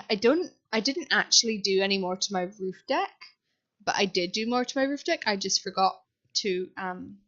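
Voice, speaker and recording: Rambling casually as she works on a Sims build, a British university student in her young adult years makes self-deprecating remarks. She speaks in a mid-range, slightly bright voice, captured with lo-fi sound on a desk microphone.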